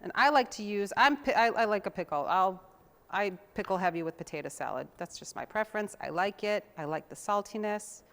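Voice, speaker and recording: A woman's voice: medium pitch, fairly quick, a bit bright. A young woman hosting a TV cooking show, chatting in a homey way while she chops and mixes. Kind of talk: casual cooking demonstration.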